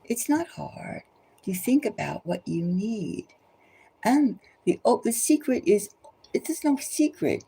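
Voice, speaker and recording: A woman's voice: mid-range voice, very animated, takes it slowly, gravelly, dark tone, breathy edge, rough recording. A woman tarot reader giving an impassioned, preachy monologue full of urgent repeated exhortations, sometimes dropping to a whisper.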